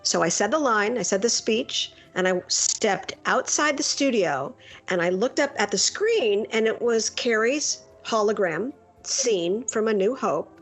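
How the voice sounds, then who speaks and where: A woman's voice: on the high side, unhurried, faint music behind. A middle-aged woman, a voice actress, telling a story in a casual interview and acting out the lines she quotes. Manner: lively anecdotal, acts out quoted lines. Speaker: voice actress guest.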